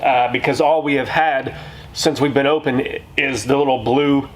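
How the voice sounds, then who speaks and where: A man's voice: mid-range voice, steady tone, a little hiss or hum, rough recording. Practical man explaining store plans. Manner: practical, explanatory, many "uh" pauses. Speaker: vlog co-host, store co-owner. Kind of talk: casual vlog talk. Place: inside a small retail store.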